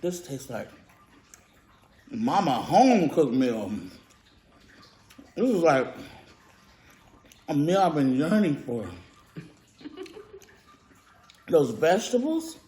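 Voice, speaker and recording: A woman talks to her camera at home with a lively, swooping voice, gushing about her food between mm sounds and fillers. The room is echoey, and the sound comes off a camera mic. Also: sits low, slow pace, long pauses. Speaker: mukbang vlogger. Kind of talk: casual eating vlog chat. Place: at home, indoors.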